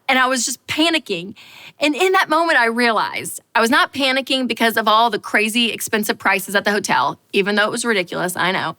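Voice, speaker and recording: A woman speaking in a bright, forceful voice that sits a little high. She tells a personal story in an animated, self-mocking way, with plenty of filler words along the way. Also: fairly quick. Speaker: host.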